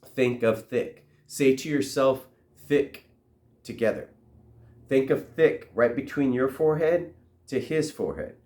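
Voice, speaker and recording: A man's voice: mid-range voice, expressive, unhurried, darkish tone, lightly acted. A man voicing a patient male guide who gives step-by-step instructions. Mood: instructive. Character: steady male guide with a stone hand. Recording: roomy echo.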